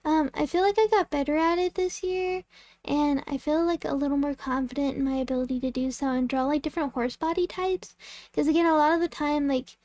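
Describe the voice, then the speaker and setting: High-voiced, chatty, rambling woman artist. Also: fairly even intonation, a little fast, darkish tone, no echo. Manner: rambling and giggly, full of "like" and "um" fillers. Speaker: artist and channel host. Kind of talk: casual chat while drawing.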